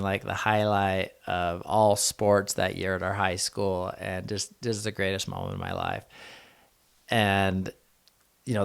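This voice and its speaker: A man's voice: sits low, gravelly, a bit bright, clean tone. A young man telling a personal story in a vlog, earnest and rambling, with many restarts. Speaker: vlogger.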